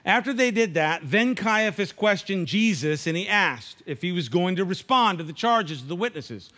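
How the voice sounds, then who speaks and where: A man's voice: high-pitched, expressive, normal speed, pushed and bright. A man preaching a conversational sermon, acting out the dialogue of the figures in the story. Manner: conversational preaching, acts out dialogue, frequent restarts. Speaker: pastor.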